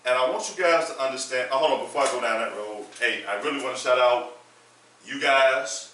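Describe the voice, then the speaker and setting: A man with a bright, mid-pitched voice hosts in a loose, joking, profane style. He often stumbles and restarts his words. He sounds distant in a very echoey room with faint noise behind. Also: brisk. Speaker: podcast host. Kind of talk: casual podcast chat.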